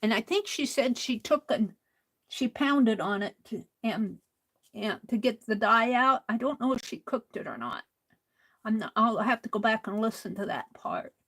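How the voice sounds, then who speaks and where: A woman chatting casually while she stitches, softly talking to herself and sometimes dropping to a whisper. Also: fairly high pitch, animated, normal speed, slightly rough, low-quality recording. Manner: soft-spoken, drifts into whispers; talks to herself while working. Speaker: crafting livestream host.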